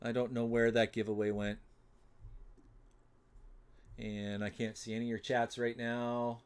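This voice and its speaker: A man hosting a solo livestream giveaway, flustered and muttering to himself as he fumbles with the software. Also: mid-range voice, normal speed, pauses often, clear, resonant tone. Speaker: livestream host running a giveaway. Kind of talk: casual solo livestream chat.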